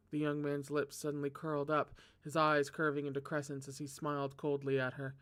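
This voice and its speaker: A host reading a novel aloud, breaking off into chatty, excitable commentary with self-deprecating humor. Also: fairly quick, hardly any pauses. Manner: dramatic, excitable asides with big pitch jumps. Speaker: read-along host.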